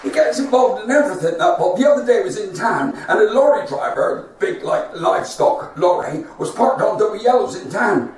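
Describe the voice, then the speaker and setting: A man hosting a comedy show, spinning rambling anecdotal jokes in a high voice. He sounds far from the mic in a very echoey room, with faint noise behind him. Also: animated, fairly quick, few pauses, a little mellow, a faint crowd. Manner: rambling anecdotal one-liners. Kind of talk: stand-up joke telling.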